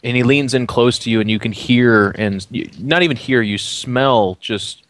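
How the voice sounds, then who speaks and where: A man's voice: mid-range voice, normal speed, dry recording. A man narrating a tabletop role-playing game as game master, chatty and playful.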